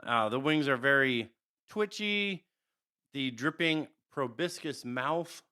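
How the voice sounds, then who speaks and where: Bright, smooth-voiced man chatting. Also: medium pitch, expressive, slow. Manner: rambling, chuckles often, restarts. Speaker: podcast co-host. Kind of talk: casual chat describing characters.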